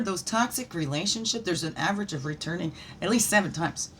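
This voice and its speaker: A woman leading a daily spiritual reflection while pulling oracle cards, animated and encouraging, with playful asides. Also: sits low, normal speed, a little hiss or hum. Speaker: spiritual guide.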